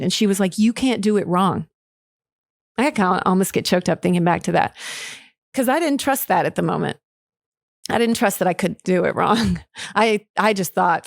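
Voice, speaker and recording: A woman's voice: medium pitch, animated, moderate pace, gravelly, dry recording, clean studio sound. A woman hosting her own podcast, telling a personal story in a candid, emotional way, swearing casually and laughing often. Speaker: podcast host.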